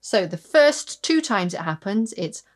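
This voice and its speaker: A woman's voice: mid-range voice, big pitch swings, a little slow, heavy background noise. A woman giving an online harp lesson, patient, counting aloud and singing out rhythms as she explains. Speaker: harp teacher. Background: harp playing.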